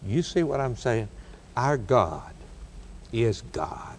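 Male preacher, mid pitch, dramatic storyteller who swings his pace and loudness. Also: very animated, slow, long pauses, slight background noise. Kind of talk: sermon.

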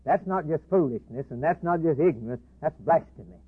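A man's voice: a little high, lively intonation, brisk. Impassioned man preaching over tinny audio. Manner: impassioned, repetitive, swinging between loud declarations and hushed asides. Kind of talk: sermon. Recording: tinny phone-like band, husky.

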